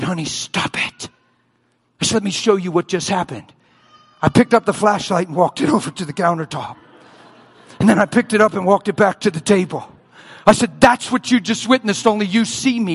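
High-voiced animated male preacher. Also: moderate pace, pauses often, husky. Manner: animated, acts out voices and screams, laughs often. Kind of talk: sermon storytelling.

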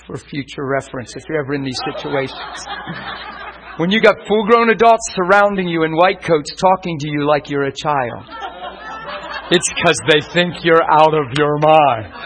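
A man preaching, telling his own story as a sermon testimony, animated and often laughing. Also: fairly high pitch, unhurried, pauses often, a faint crowd, poor audio.

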